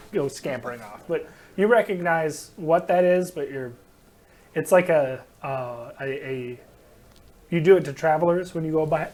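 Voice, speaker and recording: A man's voice: fairly high pitch, darkish tone. A man narrating as game master in a game store, rambling and laughing between descriptions.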